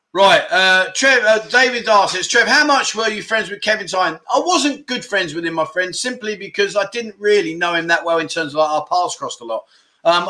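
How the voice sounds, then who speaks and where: Man, middle-aged, livestream host, casual chat, animated, bright forceful tone. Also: sits high. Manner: animated and exclamatory, with loud catchphrases. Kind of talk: casual chat reading viewer comments.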